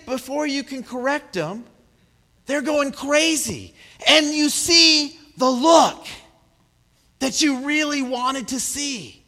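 High, bright-voiced man preaching in a reverberant hall. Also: slow pace. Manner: conversational, checks in with the congregation; acts out scenes with big swings in loudness. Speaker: pastor. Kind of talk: sermon.

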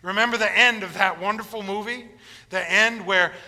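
A male pastor delivers a sermon in a relaxed, storytelling manner, mixing in informal asides. His voice sits high and sounds very bright and forceful. A long reverb trails after his words in the church. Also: normal speed.

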